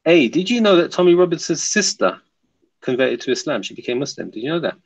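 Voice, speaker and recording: A man's voice: a little high, sing-song, fast talker, breathy edge, low-quality recording. A man hosting a casual live stream, reading viewer comments aloud and answering them, often laughing. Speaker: livestream host reading chat.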